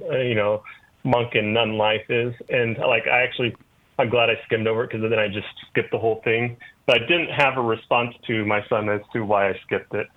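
A man calling in to a radio show, friendly and halting, with many fillers. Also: medium pitch. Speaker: caller. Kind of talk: casual phone call. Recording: tinny phone line.

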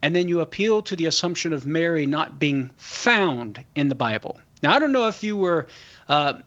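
A man's voice: a little high, animated, moderate pace, fairly bright tone, dull audio. A man answering a caller's question on a talk show, laying out his points methodically and in a friendly way. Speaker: Catholic apologist guest.

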